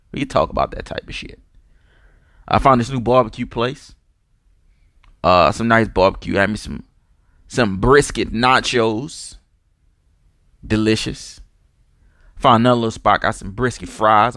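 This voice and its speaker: Rambling New man, low dry voice. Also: a bit bright, no room sound. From New Orleans. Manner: loose, profane, digressive, many restarts and fillers. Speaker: podcast host. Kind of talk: casual rambling monologue.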